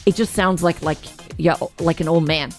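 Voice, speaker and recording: A woman's voice: low voice, fairly even intonation, normal speed, faint music behind. A woman co-hosting a morning radio show, chatting in a casual, opinionated way and laughing easily. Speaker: radio co-host.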